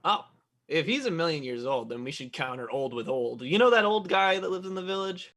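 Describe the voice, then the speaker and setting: A woman's voice: low-pitched, lively intonation, brisk, a bit bright. A woman playing a brash, jokey character in a comedic tabletop game. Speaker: player. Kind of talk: comedic tabletop role-play.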